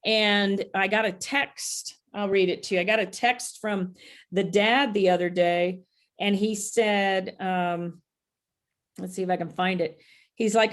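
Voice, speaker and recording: A woman's voice: mid-range voice, steady tone, measured pace. A woman guest, an NLP practitioner, casually telling stories about her clients, with lots of ums and restarts. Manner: rambling, frequent ums and restarts.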